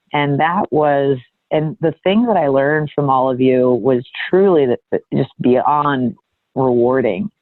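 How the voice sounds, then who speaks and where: A woman guest telling a personal story in an earnest, halting way, often restarting her sentences. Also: a bass voice, dry recording. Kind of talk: candid reflective storytelling. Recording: thin phone-like audio.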